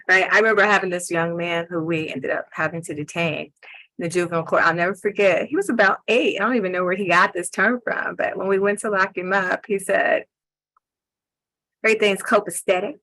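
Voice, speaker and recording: A woman speaking on a webinar panel, telling stories with lively, acted-out quotes. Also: on the low side, brisk, no echo, rough recording. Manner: storytelling, animated, acts out quoted voices.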